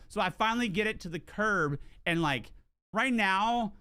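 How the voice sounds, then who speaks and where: A male streamer chats casually while he plays, his voice swinging up and down with lots of life. The tone is bright and a little high. He swears freely and trips over his own words as he talks. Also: moderate pace, clean tone. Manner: animated, swears, restarts and repeats words. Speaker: game streamer. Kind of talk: casual livestream storytelling.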